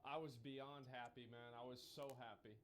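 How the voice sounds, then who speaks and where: A man's voice: mid-range voice, flat delivery, moderate pace, slight background noise. A man streaming live, chatting casually, reminiscing and answering chat in a rambling, profane way.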